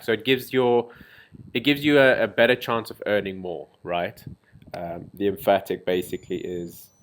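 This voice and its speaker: Male vlogger, lowish voice, loose conversational delivery with lots of filler and asides. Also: a bit bright. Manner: conversational, keeps tagging "right?" and addressing "guys". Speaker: trading vlogger. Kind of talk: casual talk to camera.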